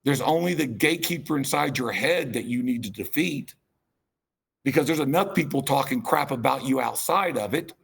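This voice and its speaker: Gravelly raspy guy giving a fired-up rambling keynote, self-deprecating. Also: mid-range voice, animated, moderate pace. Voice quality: gravelly, husky. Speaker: keynote speaker. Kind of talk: conference keynote talk.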